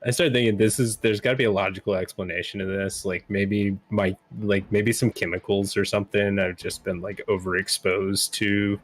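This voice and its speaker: A man playing in a casual tabletop game, laid-back and quick to laugh. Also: fairly low pitch, little pitch movement, faint music behind. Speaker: player.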